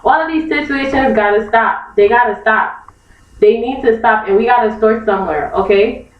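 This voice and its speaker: A woman's voice: a little high, normal speed. A young woman ranting angrily to her camera, repeating her points with emphasis and mocking other people in put-on voices. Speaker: vlogger. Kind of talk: heated opinion rant. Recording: echoey, distant, dull lo-fi webcam recording.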